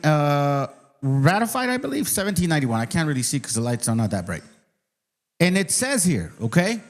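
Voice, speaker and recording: A man hosting his own channel, ranting in casual commentary, profane and mocking, sometimes reading a document aloud slowly. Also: high voice. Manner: reads aloud slowly, then speeds up. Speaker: channel host.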